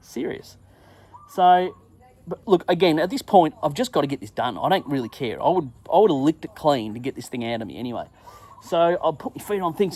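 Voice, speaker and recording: An English man, a podcast host, tells a crude story in a casual monologue. His voice sits a little high, and he's animated and self-mocking, acting out his own shouts.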